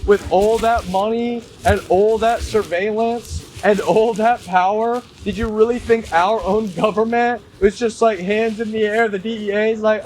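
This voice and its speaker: Brief: emphatic conspiratorial ranter, man, high voice, unhurried, background noise. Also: steady tone, a little mellow. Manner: emphatic, repetitive, addresses viewers as y'all; conspiratorial ranting. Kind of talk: casual commentary. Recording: noisy background.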